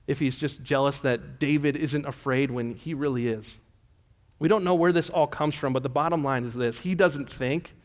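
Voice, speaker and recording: A male pastor giving a sermon, retelling a scripture story in a casual, conversational way. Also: mid-range voice. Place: church sanctuary. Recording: echoey church hall.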